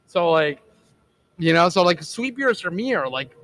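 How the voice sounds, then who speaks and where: A man's voice: high-pitched, big pitch swings, normal speed, a bit bright. A man talking in a casual podcast chat, rambling and filling his sentences with "like". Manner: rambling, heavy filler "like". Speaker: brewery staff guest.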